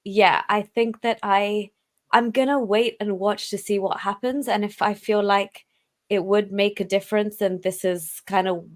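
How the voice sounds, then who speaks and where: A woman speaks as a guest in a casual online chat, easygoing and quick to laugh. Her voice sits at an ordinary middle pitch and is recorded close and dry. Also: fairly even intonation, no echo. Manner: friendly, laughs easily, speaks in a measured way. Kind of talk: casual live-stream discussion.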